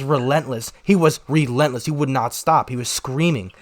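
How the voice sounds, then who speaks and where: A young man co-hosting a podcast, telling a rambling story in casual chat and shouting out the lines he quotes. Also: medium pitch, moderate pace. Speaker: podcast co-host.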